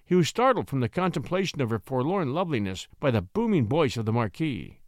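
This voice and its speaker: Male audiobook narrator, animated and expressive, dry close recording. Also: medium pitch, fairly quick, no room sound. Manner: expressive reading. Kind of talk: scripted storybook narration.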